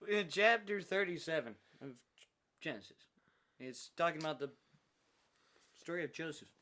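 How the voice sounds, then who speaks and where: Playful podcast host, a man, bright and animated, laughs often. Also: a little high, normal speed. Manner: laughs often, playful, steering the talk back to topic. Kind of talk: casual faith podcast chat.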